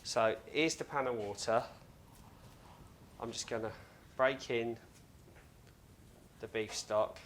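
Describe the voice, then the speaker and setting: A man's voice: mid-range voice, fairly even intonation, takes it slowly, pauses often, a bit bright, a little hiss or hum. A man hosting a casual cooking demonstration in a home kitchen, chatty and joking with self-mocking asides. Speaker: cooking show host.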